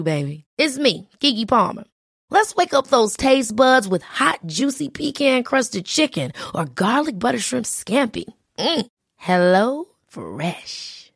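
A woman's voice: fairly high pitch, fairly bright tone. Playful woman reading a food ad. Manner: playful and teasing. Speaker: ad spokeswoman. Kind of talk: playful ad read.

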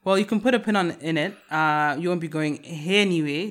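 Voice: mid-range voice, fairly quick, a bit bright. A podcast co-host in reflective casual conversation, thinking aloud with many restarts and trailing clauses.

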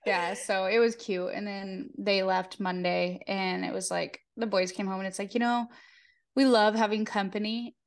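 A woman's voice: medium pitch, steady tone, normal speed, creaky. A young woman co-hosting a podcast in casual chat, rambling with lots of "like" and casual swearing. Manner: chatty, filler-heavy, lots of "like", swears casually. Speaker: podcast co-host.

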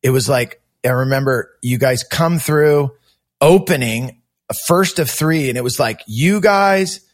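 A man's voice: mid-range voice, measured pace. A middle-aged man telling a long story in casual chat, acting out quoted voices and swearing freely. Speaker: podcast guest musician.

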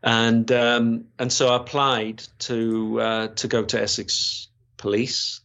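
Speaking slowly at medium pitch, with a level and slightly bright tone, this man recounts his police career in a wandering way full of restarts and fillers. He's a retired officer in his sixties from Gateshead, England, recorded in a slightly dull, lo-fi storytelling interview.

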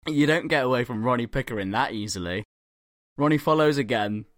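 A young podcast host spins a comic story with lively energy, swearing freely and jumping into voices for the people in it. His voice sits mid-range and the recording is dry and close. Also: medium pitch, a little fast, dry recording. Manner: animated, swearing, acting out quotes.

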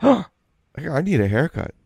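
A man's voice: fairly high pitch, wildly swooping pitch, normal speed, vocal fry, breathy edge, dry recording. Podcast co-host guy, cusses a lot, voice jumps all over the place, dry. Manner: blunt, swears freely, reacts loudly. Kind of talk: casual group chat.

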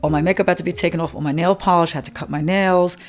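Woman, middle-aged, halting, emotional, repeats words, personal testimony, faint music behind. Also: on the low side, steady tone. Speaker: interviewee.

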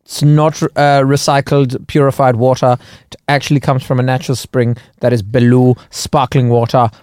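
A man's voice: mid-range voice, little pitch movement, moderate pace, a little mellow, clear, resonant tone, no room sound, studio quality. Bantering man, mock-indignant. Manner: jokey, mock-indignant banter, says "bruv". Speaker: podcast co-host. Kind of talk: casual chat.

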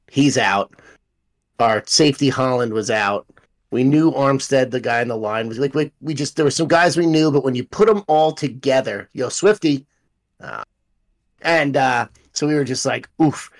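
Young adult male podcast co-host, animated and profane in casual sports banter. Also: medium pitch. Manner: animated storytelling, swears freely.

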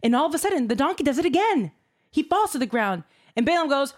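Animated, slangy woman storyteller. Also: high voice, fast. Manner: animated, slangy, lots of fillers. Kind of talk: casual storytelling.

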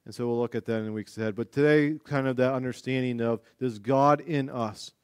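A male pastor preaching a sermon in an animated, conversational way, often restarting his sentences. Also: medium pitch, fairly quick, smooth, dry recording, clean studio sound.

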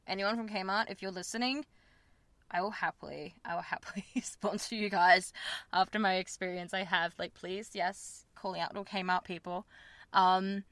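This candid personal chat comes from a young woman hosting a podcast, her mid-range voice fairly bright with no echo. She speaks openly, wanders from point to point, and fills gaps with fillers and self-conscious laughter.

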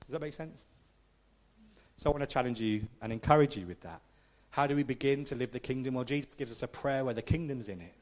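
A man's voice: medium pitch, fast. A man preaching a conversational, self-deprecating sermon, often checking in with the congregation. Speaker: pastor.

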